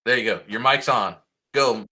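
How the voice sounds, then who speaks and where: A middle-aged man who directs a high school band speaks at a moderate pace and medium pitch, his tone pushed and bright. On a video call, he lauds his seniors in an upbeat, filler-heavy ramble.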